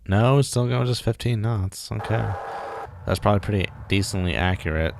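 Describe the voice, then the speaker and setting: A man's voice: fairly low pitch, moderate pace, vocal fry, noisy background. A man casually thinking aloud while streaming a game, muttering and joking at himself. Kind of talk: casual live gameplay commentary.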